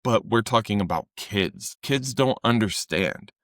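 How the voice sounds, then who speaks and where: A young man with a fairly low voice talks earnestly on a casual podcast about coaching. He speaks close to the mic in a dry, dead room, and now and then he acts out quotes in a louder, higher voice. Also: unhurried, dry recording. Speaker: fitness coach and podcast co-host.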